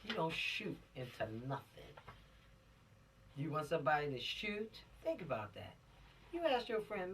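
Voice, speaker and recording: A man's voice: on the high side, big pitch swings, normal speed, pauses often, a bit bright, recorded from a distance, a little hiss or hum. A man giving an informal, preachy law lesson to teenagers, repeating his points for emphasis. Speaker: law instructor for teens.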